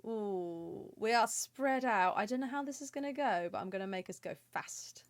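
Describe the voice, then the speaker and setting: A woman's voice: mid-range voice, lively intonation, moderate pace, dry recording. A young British woman chatting playfully through a game livestream, often giggling. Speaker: streamer. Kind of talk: casual game livestream chat.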